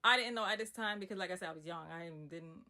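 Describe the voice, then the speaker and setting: A woman's voice: fairly low pitch, fast. A young woman telling a personal story in a casual, emphatic storytime monologue with asides. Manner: animated, emphatic retelling with asides.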